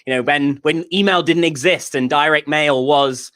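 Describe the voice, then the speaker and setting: A man's voice: a little high, normal speed, fairly bright tone. Easygoing British man co-hosting a podcast. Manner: easygoing, hesitant, filler-heavy. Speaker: podcast co-host. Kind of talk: casual podcast chat.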